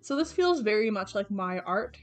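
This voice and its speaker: A woman's voice: mid-range voice, sing-song, moderate pace. A young woman talking through her sketchbook in a casual, rambling way, with lots of fillers and self-corrections. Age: young adult. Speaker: artist vlogger. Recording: faint background music. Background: background game music.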